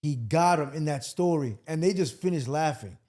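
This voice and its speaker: Comedian guest, mellow warm male voice, animated storyteller, casual podcast talk. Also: on the high side, moderate pace. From Washington, D.C. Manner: storytelling, acts out quotes loudly.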